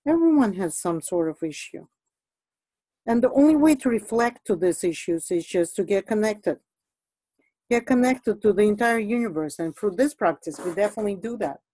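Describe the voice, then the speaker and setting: A woman's voice: mid-range voice, lively intonation, normal speed, warm tone, breathy edge, no room sound, low-quality recording. A woman teaching an art lesson in a chatty, casual way, laughing often and trailing off with fillers as she draws. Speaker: art instructor. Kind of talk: casual teaching while drawing.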